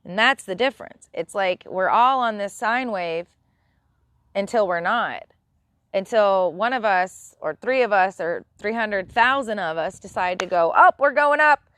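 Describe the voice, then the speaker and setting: A woman's voice: mid-range voice, measured pace, a bit bright, dry recording. A woman hosting a live stream who talks bluntly and exasperatedly in a casual spiritual rant, swearing freely.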